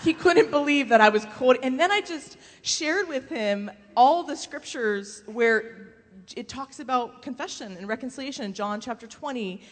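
A woman with a fairly high voice tells humorous faith stories to a live audience. She is an animated storyteller who slips into other people's voices and laughs easily. Her voice rings out with the long reverb of a large hall. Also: moderate pace. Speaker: speaker giving a faith talk.

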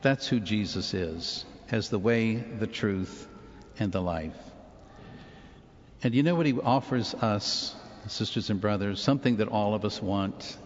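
A man preaching a sermon as a priest, earnest and slow with long pauses. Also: on the low side, a little hiss or hum. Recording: dull sound with long church reverb.

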